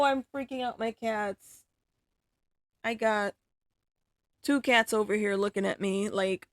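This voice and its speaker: A woman's voice: medium pitch, takes it slowly, long pauses, dry recording, clean studio sound. A woman chatting casually on a livestream, swearing freely and exclaiming in disbelief. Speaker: livestreaming artist.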